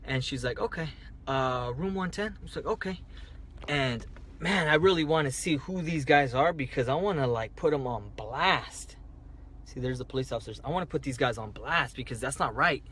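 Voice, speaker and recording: A man's voice: mid-range voice, normal speed, fairly bright tone, a little hiss or hum. A man telling a story on a casual phone livestream, rambling, restarting and repeating himself as he talks. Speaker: livestreaming driver. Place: parked car at night.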